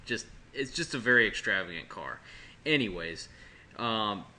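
A man's voice: on the low side, lively intonation, normal speed, pushed and bright, slight background noise. A man in casual podcast chat, joking and rambling with frequent restarts.

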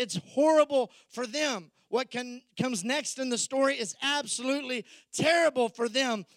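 A man preaching a sermon, telling a Bible story with lively acted-out dialogue. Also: very high-pitched, dry recording. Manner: animated storytelling, acting out the disciples' voices. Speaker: pastor.

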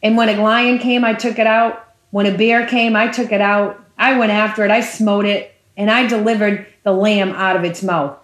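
A woman's voice: mid-range voice, fairly even intonation, moderate pace, few pauses, natural voice. A woman preacher voicing the young shepherd David as an earnest, confident youth, in her own speaking voice, with a roomy echo.

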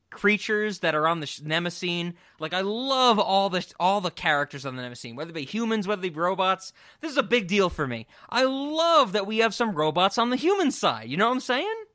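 Man, podcast co-host, fairly high voice, dry close mic, excitable, rambling, swears a lot. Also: moderate pace, no echo. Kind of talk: casual film discussion podcast.

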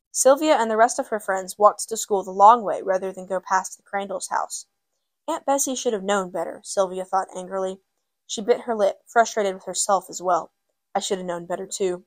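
A woman's voice: mid-range voice, dry recording. A woman hosting a book segment, casually introducing a novel and then reading its first chapter aloud. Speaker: book reader and host.

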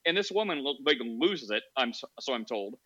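A man's voice: mid-range voice, very animated, a little fast, a bit bright, slightly rough, lo-fi sound. A man hosting a podcast, joking around and telling a rambling story in casual chat. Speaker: podcast host.

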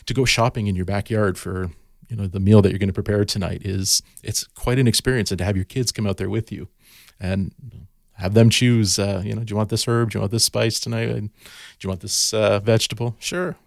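Gravelly low-voiced man telling garden stories. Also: fairly even intonation, brisk, no room sound, clean studio sound. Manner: storytelling, many restarts and fillers. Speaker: podcast guest, garden educator. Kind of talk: casual podcast conversation.

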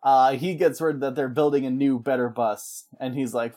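A man chats casually while he pitches a story. His pitch sits in the middle range. He rambles and jokes, and he often breaks off into silly character voices. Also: steady tone, darkish tone. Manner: rambling, jokey, quick to slip into voices. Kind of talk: casual chat.

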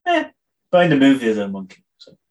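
A man's voice: mid-range voice, wildly swooping pitch, fast, darkish tone. A man, co-hosting a podcast with dry, jokey asides. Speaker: podcast co-host. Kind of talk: casual chat.

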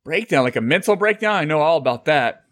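A man's voice: on the high side, lively intonation, fast talker, a bit bright. A man hosting a casual chat, prompting others with questions. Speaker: host.

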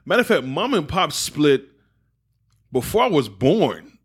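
A man from England with an American accent, a guest telling his story in a relaxed, reflective way and often saying "man". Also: on the high side, unhurried, slightly rough. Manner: laid-back, reflective, peppers talk with "man". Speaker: podcast guest, poet and entrepreneur. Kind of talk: casual conversational interview.

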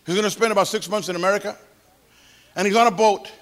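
A man's voice: high-pitched, steady tone, fast talker, fairly bright tone. A man preaching a sermon in a church service, folksy and exclamatory, breaking in with hallelujahs. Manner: exclamatory, with interjected hallelujahs and praise the Lord; folksy storytelling, mimicking music with sung syllables. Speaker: pastor.

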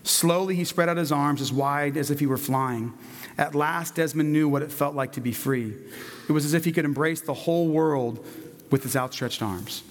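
A man's voice: fairly high pitch, normal speed, big-room sound. Man telling a story in a sermon. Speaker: preacher.

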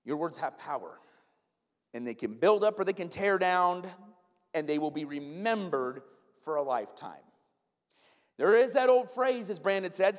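A man in his forties preaching a conversational, animated sermon to his congregation. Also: sits high, normal speed, pauses often. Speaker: pastor. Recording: long reverb of a large hall.

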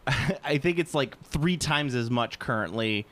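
A man's voice: medium pitch, expressive, takes it slowly, fairly bright tone. A man chatting casually on a podcast, rambling, laughing and swearing freely.

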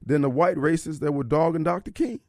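A man's voice: a little high, fairly quick, darkish tone, no echo, clean studio sound. A man hosting a radio talk show, preaching his opinions and firing off rhetorical questions. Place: radio studio. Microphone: studio microphone.

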